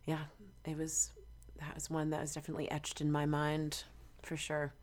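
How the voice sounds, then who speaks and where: A woman's voice: deep voice, monotone, moderate pace. A young woman from Georgia, a singer guest in a casual interview, telling stories animatedly and acting out quoted asides. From Georgia, USA.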